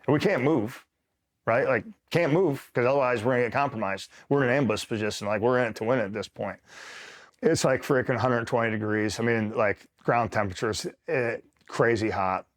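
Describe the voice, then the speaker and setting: A man's voice: medium pitch, brisk. Rambling profane male Marine veteran. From New York State. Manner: profane, rambling, filler-heavy with frequent "right?". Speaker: retired Marine guest. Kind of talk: casual war storytelling.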